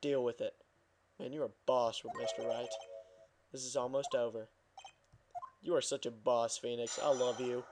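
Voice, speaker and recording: A man's voice: medium pitch, little pitch movement, moderate pace, pauses often, background noise. A man hosting a let's play, reading game dialogue aloud with playful, mock-dramatic asides over game music.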